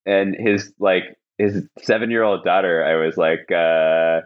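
A man's voice: sits low, a little slow, lo-fi sound. A man hosting a podcast, telling a long anecdote in casual chat, rambling with many fillers and restarts. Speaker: podcast host.

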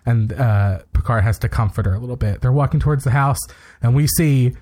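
A man talking through a TV episode for a podcast, acting out lines as he goes. His voice sits at an ordinary middle pitch, and his talk is casual and full of fillers and restarts. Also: a little fast, a little mellow. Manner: retells scenes with quoted lines, many fillers. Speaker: podcast co-host.

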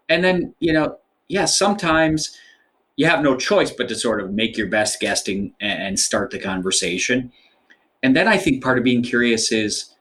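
A man's voice: mid-range voice, fairly bright tone. Thoughtful man explaining as a guest. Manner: thoughtful, explanatory, uses fillers. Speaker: guest author. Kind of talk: interview conversation.

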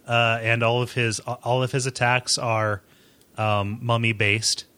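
Male podcast co-host, bright, tense tone, stammers and giggles through casual chat. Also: mid-range voice, flat delivery, unhurried, clean tone. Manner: stammering, giggly, quotes movie lines.

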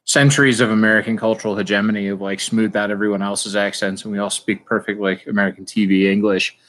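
A man's voice: lowish voice, little pitch movement, fast talker, a bit bright. A man co-hosting a podcast chat, making wry, dry jokes and laughing often. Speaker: podcast co-host. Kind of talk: casual chat.

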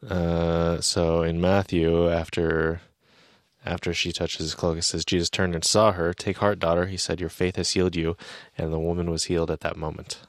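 A man co-hosting a podcast, reading Bible passages aloud in a steady, plain way. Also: low voice, normal speed, dry recording, studio quality. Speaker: podcast co-host.

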